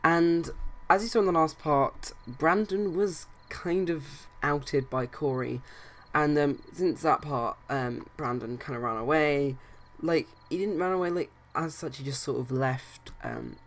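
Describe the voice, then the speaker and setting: A man's voice: on the high side, measured pace, few pauses, fairly bright tone. A man casually narrating his life-sim game let's play, rambling with many hesitations and restarts. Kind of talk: casual game commentary and storytelling.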